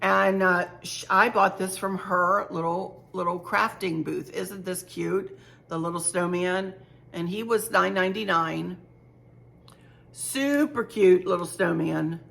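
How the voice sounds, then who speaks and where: A woman's voice: on the low side, slow, creaky, fairly bright tone. A middle-aged woman chatting casually to camera about a shopping haul, chatty and gushing, often repeating herself. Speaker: home decor vlogger.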